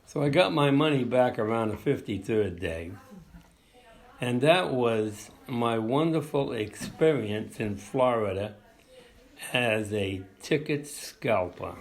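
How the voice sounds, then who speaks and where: A man being interviewed, telling a casual anecdote in blunt, plainspoken talk with informal grammar and quick voices for the people he quotes. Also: medium pitch, animated. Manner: quotes others by slipping into their voices.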